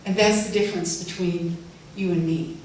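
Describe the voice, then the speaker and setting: A woman's voice: fairly low pitch, fairly even intonation, normal speed. Older woman giving a farewell speech. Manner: heartfelt, gently humorous. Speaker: farewell speaker. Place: event room. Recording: echoey hall from far off, faint noise.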